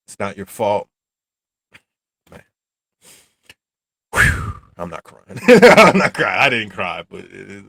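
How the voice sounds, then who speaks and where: Low-voiced man talking in a dry room. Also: no echo. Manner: animated, rambling, laughs often. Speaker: channel host reacting to a film. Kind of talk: casual spoken reaction.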